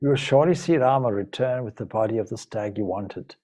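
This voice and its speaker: A man voicing a loyal young prince from an epic who gently but firmly reassures a frightened woman. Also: mid-range voice, animated, moderate pace, close to an everyday voice. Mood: gentle, firm. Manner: gently reassuring yet firm.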